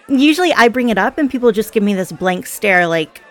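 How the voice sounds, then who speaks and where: A woman playing a chatty, giggly party girl. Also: on the high side. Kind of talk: scripted audio role-play.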